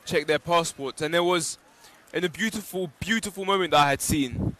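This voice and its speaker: A man with a somewhat high voice is a guest on a live outdoor broadcast. He tells personal stories reflectively, and his speech is full of small fillers. He is out in the open on a pilgrimage walk. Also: moderate pace, fairly bright tone. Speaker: interview guest.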